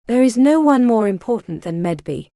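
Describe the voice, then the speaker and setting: A woman's voice: big pitch swings, moderate pace, dark tone, no echo, studio quality. A woman voicing a cold, contemptuous eldest witch sister. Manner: low and mean.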